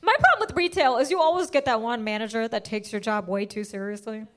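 A woman doing a stand-up comedy set, loud and punchy, often laughing at her own jokes. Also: a little high, quick pace. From United States.

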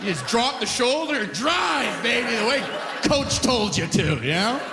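Canadian comic guy on stage, lively story, keeps saying right? you know?, yells squeaky voices for the other people. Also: a little slow, noisy background. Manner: animated storyteller, shouts high-pitched impressions, tag questions. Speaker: stand-up comedian. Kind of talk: stand-up comedy set.

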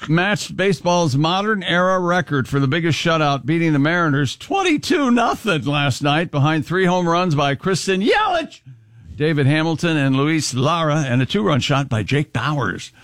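A man's voice: fairly high pitch, animated, a bit bright, dry recording, studio quality. A man hosting a casual radio show, reading sports scores and odd news with jokes. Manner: reads headlines briskly with jokes and laughs. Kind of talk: casual morning radio chat.

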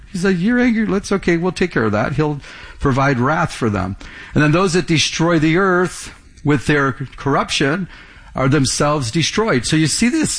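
Male pastor, verse-by-verse sermon, chatty, restarts and repeats, slightly high voice. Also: a bit bright. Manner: conversational, repeats words and restarts, asks the congregation questions.

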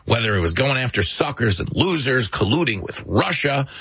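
A man hosting a political commentary monologue, telling stories in a mocking, animated way. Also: medium pitch, moderate pace, husky, no echo, dull audio. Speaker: show host.

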